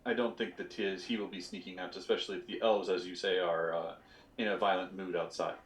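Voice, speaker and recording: A man's voice: sits low, steady tone, a little fast, voice pushed down, close to an everyday voice. A man voicing a cautious male baron who stammers and hedges with lots of fillers. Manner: hesitant, stammering, full of fillers. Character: cautious hedging male baron, middle-aged nobleman. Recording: roomy stream audio.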